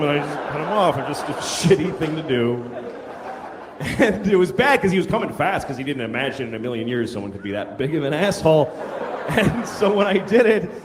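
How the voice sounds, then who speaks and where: A man performing a stand-up comedy routine, telling a profane story in a deadpan way with sudden shouted outbursts. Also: fairly high pitch. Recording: stand-up clip with background noise.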